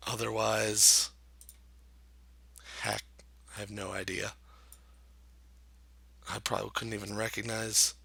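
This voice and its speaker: A man casually commenting while playing a geography guessing game, thinking out loud with many hesitations and self-deprecating remarks. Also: lowish voice, flat delivery, takes it slowly, vocal fry, pauses often, slightly rough, no room sound. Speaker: gameplay commentator. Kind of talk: casual let's-play commentary.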